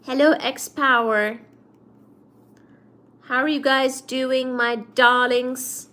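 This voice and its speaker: A woman's voice: high-pitched, level tone, slow, pushed and bright. A woman hosting a late-night livestream, chatting and greeting viewers by name before explaining cosmology with many fillers. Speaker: livestream host teaching physics.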